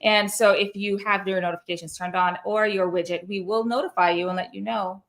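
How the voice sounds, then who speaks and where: A woman's voice: mid-range voice, fast talker, few pauses, a bit bright. A woman hosting a casual online call, chatty, with frequent laughs and trailing fillers. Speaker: host. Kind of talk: casual livestream chat.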